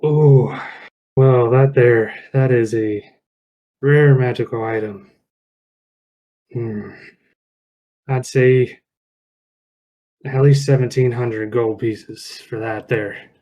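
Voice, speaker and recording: A man's voice: medium pitch, fairly even intonation, takes it slowly, long pauses, dark tone, highs cut off, close to an everyday voice. A man doing a cagey, hemming shopkeeper. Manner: hesitant, hemming and hawing.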